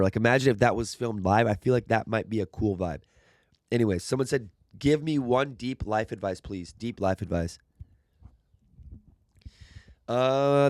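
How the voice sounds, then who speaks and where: A man's voice: medium pitch, a little mellow, no echo, clean studio sound. A young man casually answering viewer questions in a rambling, upbeat way, sometimes losing his train of thought. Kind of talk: casual Q and A monologue.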